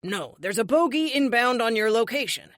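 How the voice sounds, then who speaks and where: A brisk middle-aged army major barks clipped warnings, as a woman narrator puts him on. His voice rises loud and urgent, close and dry. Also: on the high side, expressive, dry recording, voice pushed up. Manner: urgent, clipped military talk.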